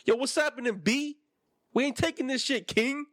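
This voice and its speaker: A man voicing a cocky colonial settler man who sounds like a New York street guy. His put-on New York accent is loud and slangy, pitched well above his normal voice. He is recorded close and dry. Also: normal speed, no room sound. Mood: brash. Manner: brash, slangy, defiant.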